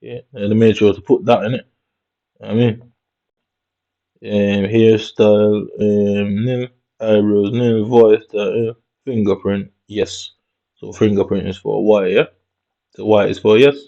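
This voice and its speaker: A man's voice: lowish voice, level tone, unhurried, vocal fry, pauses often, dark tone. A man from Jamaica with a Jamaican accent, muttering to himself with swearing and slang as he comments casually on his screen. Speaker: vlogger. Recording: dull lo-fi recording.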